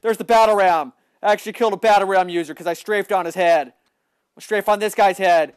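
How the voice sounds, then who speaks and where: A young man giving excitable live commentary on a shooter game, often yelling at opponents. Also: high voice, fairly quick, smooth, dry recording, clean studio sound. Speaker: livestreaming gamer.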